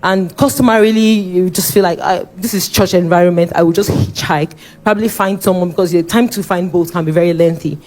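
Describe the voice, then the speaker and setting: A young woman with a Nigerian accent giving a church testimony, animated and re-enacting her own shouting and pleading as she tells it. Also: on the low side, a little fast, hardly any pauses.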